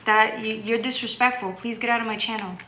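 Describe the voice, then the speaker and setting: Bright-voiced woman hosting a tarot livestream. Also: a little high, fairly even intonation, brisk, a little hiss or hum. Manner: blunt and scolding, reads chat aloud, bursts into loud laughter. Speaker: tarot reader and livestream host. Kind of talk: casual livestream chat with viewers.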